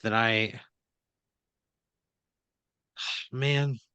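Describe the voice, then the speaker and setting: Man, deadpan comebacks, low bright voice, dry close mic. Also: drawn-out words, clean tone, no room sound, highs cut off. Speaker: podcast co-host. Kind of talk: improvised role-play answers.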